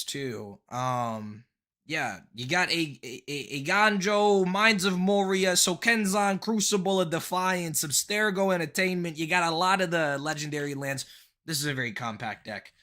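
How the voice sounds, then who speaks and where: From his bedroom, a young guy live streams casual chat while reviewing viewer decks. His bright, forceful voice runs kind of high, and he's excitable, swearing a lot and rambling with restarts and laughs.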